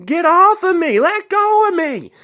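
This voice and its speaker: A man voicing a sick, desperate woman who sobs and pleads in a high wail. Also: very animated, measured pace, bright, forceful tone, heavily acted. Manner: high wailing, crying pleas. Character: sick young woman, desperate, sobbing, clinging.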